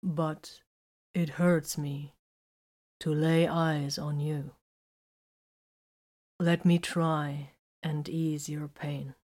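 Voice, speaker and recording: A woman voicing a kind, earnest male captain who speaks formally, softly and slowly. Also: sits low, level tone, exaggerated voice. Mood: gentle. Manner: soft-spoken and slow.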